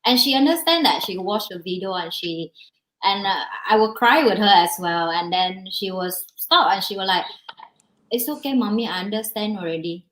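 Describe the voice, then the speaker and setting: A woman's voice: mid-range voice, animated, normal speed, a bit bright. Brief: woman panel guest, earnest non-native English, echoey room with faint hiss. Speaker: panel guest, single mother. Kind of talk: personal story in panel discussion.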